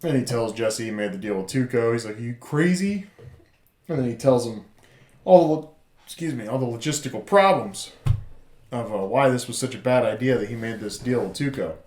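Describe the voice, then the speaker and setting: A man's voice: mid-range voice, fairly quick, a little mellow. Laughing man recapping a show. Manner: loose, laughing, full of fillers. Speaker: podcast co-host. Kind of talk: casual chat recapping a TV show. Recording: roomy echo.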